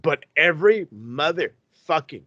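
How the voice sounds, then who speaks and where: A man co-hosting a wrestling podcast in casual, profane chat, with animated rants. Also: a little high, a little slow, dry recording, lo-fi sound. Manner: animated, profane, loud mocking impressions. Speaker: podcast co-host.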